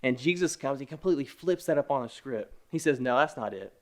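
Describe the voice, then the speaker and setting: A man in his thirties preaching a conversational sermon, with joking asides, who swings between hushed and emphatic. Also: medium pitch, lively intonation, a little fast. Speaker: pastor. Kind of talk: online sermon.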